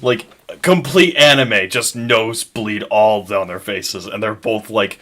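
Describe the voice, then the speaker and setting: A man acting as game master, narrating and calling rolls in a quick, chatty way. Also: lowish voice, fairly bright tone.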